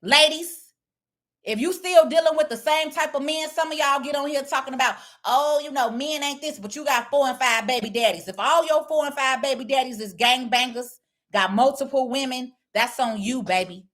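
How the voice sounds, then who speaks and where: Blunt, preachy woman with a bright voice. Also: high-pitched, normal speed. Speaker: online commentator. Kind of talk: casual direct-to-camera talk.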